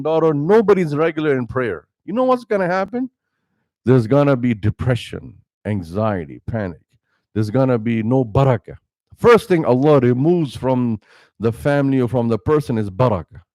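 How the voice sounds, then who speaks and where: A man's voice: medium pitch, animated, moderate pace, dark tone. A man delivering a sermon as imam, speaking into a microphone with a mid-range voice. He preaches with passion and fires rhetorical questions at his listeners. The sound is dry and close, with almost no room echo. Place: Islamic center prayer hall.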